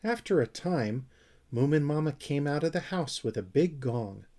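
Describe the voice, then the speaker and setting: A man narrating a children's storybook with a gentle, expressive reading. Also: fairly high pitch, moderate pace. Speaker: audiobook reader.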